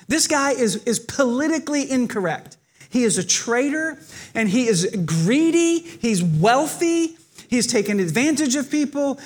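A pastor preaching a sermon, telling the stories vividly and speaking directly to his congregation. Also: very high-pitched. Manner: animated, expressive storytelling with acted quotes.

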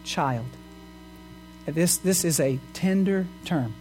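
Guy preaching a sermon, earnest, keeps asking the crowd questions, soft music underneath. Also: a little high, lively intonation, slow pace. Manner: earnest, asks the congregation rhetorical questions. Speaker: pastor.

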